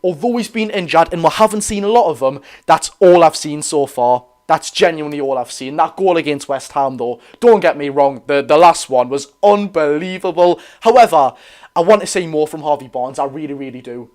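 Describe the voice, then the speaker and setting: A young man with a Geordie accent hosting a live football watch-along, chatting excitably with viewers while chesty and coughing. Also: fairly high pitch, fairly quick. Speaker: football fan channel host.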